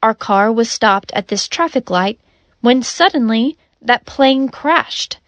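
An earnest, insistent female doctor speaks in a storybook reading, as a woman narrator plays her. Her voice is fairly high and slow. The sound is dry and close. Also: lively intonation, a bit bright, no echo.

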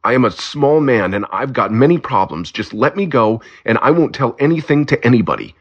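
A man's voice: mid-range voice, very animated, brisk, muffled recording, voice pushed up. A man voicing a nervous small-time male thief who pleads in a whiny voice. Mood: pleading.

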